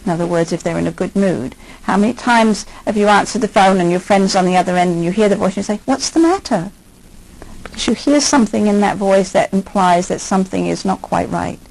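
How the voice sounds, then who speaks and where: A woman's voice: mid-range voice, fairly even intonation, quick pace, vocal fry, a little mellow, rough recording. An older woman, a hypnotherapist, giving a conversational lecture and asking her listeners many questions.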